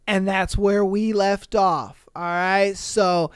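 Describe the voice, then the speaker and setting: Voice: mid-range voice, fairly even intonation, slow, hardly any pauses, smooth, no echo, clean studio sound. A podcast host casually recapping a story, rambling and slangy, cursing freely with many fillers and self-corrections.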